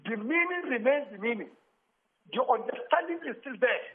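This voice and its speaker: A man's voice: extremely high pitch, expressive, brisk, a little hiss or hum. A man calls in to a talk show and lectures on language in a formal way. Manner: didactic, formal. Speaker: phone-in caller. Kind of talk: lecturing call-in comment. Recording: tinny phone line.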